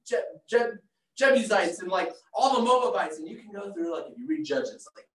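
A preacher giving a sermon who reads scripture aloud and retells it in a casual, excitable way. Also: medium pitch, normal speed. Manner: excitable, casual and animated, slips into voicing the characters. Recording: echoey room, mic far off.

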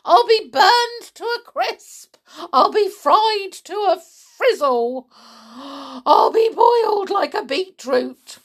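A woman voicing a cranky old grandmother who yells shrilly in a storybook reading. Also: expressive, takes it slowly, full character voice. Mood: panicked yelling. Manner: shrill yelling.

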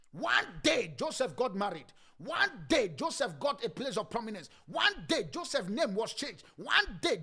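Emphatic high-voiced male preacher. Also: gravelly, bright, forceful tone. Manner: emphatic preaching, swelling and dropping in volume, repeating phrases. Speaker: pastor. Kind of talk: sermon.

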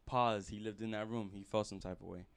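A man in casual chat, calmly recounting the history of his family home. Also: on the low side, fairly quick, smooth, dry recording.

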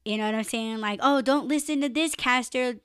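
A woman's voice: a little high, a little fast, clear, resonant tone, no room sound, studio quality. Laid-back, cursing woman podcast host. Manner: laid-back, swears freely, laughs often. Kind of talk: casual live-stream chat.

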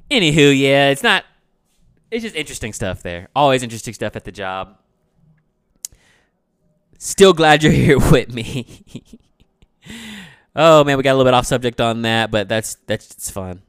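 Smooth-voiced man rambling on a podcast. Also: mid-range voice, animated, normal speed, pauses often, dry recording, clean studio sound. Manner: loose, rambling, frequent "you know what I'm saying"; swings between loud bursts and quiet asides. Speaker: podcast host. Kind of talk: casual solo podcast chat.

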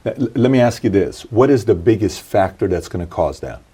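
Low mellow guy asking long curious questions, lots of mm-hmms. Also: lively intonation, a little fast, husky. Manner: curious, affirming, rambling questions. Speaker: interviewer. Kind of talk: interview questions.

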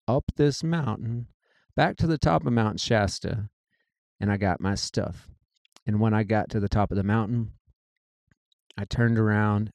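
A man telling a personal story in a casual, animated way, acting out what people said. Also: fairly low pitch, no echo. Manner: animated, quotes people in their own voices.

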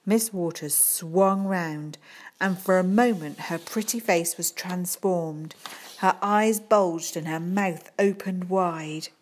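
A woman reading a children's book aloud in a calm, unhurried storytelling manner. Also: on the low side. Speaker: audiobook reader.

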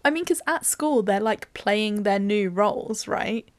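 A woman's voice: medium pitch, animated, measured pace, no room sound. Chatty woman recapping a film, dry sound. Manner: chatty storyteller, walks through scenes with lots of "like". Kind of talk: casual chat recapping a film.

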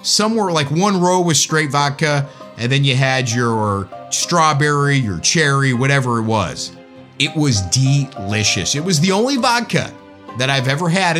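Lively opinionated man ranting casually. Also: on the high side. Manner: opinionated, joking, rambling. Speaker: commentator.

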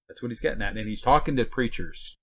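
A man's voice: medium pitch, quick pace, fairly bright tone. Blunt, folksy man teaching the Bible. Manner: blunt, folksy, rhetorical questions.

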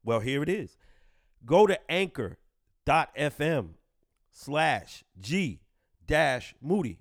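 A brash podcast host, a man whose voice sits fairly high for a man. He is boastful and emphatic and swears freely. The sound is close and dry. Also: expressive, measured pace, no echo. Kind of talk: profane casual commentary. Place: home studio in the Bronx.

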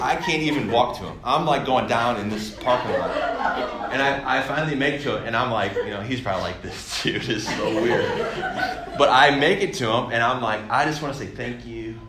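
A young man from Michigan telling a story as a sermon in a church, excited and rambling, with many fillers and restarts. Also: medium pitch. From Michigan, USA. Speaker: guest speaker at a church. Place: church hall. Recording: echoey church hall, faint room noise.

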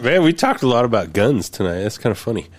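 A man's voice: medium pitch, sing-song, quick pace. A man co-hosting a podcast, talking casually and rambling with fillers. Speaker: podcast co-host. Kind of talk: casual chat.

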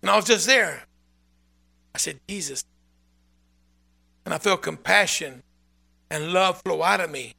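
A man preaching a sermon as pastor, emphatic and repetitive, with sudden loud swells. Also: high voice, moderate pace, gravelly, pauses often.

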